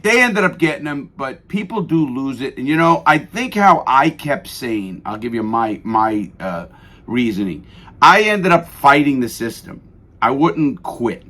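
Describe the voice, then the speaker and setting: Middle-aged guy cursing his way thru a story on the radio, super animated. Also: on the high side, measured pace. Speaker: guest.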